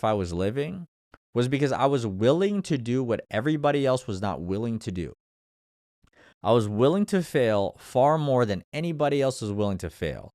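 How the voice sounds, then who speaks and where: A man's voice: mid-range voice, big pitch swings, a little fast, a little mellow, no echo, studio quality. A man hosting his own show, giving a blunt, profane motivational talk and laughing often. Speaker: podcast host. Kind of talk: motivational monologue.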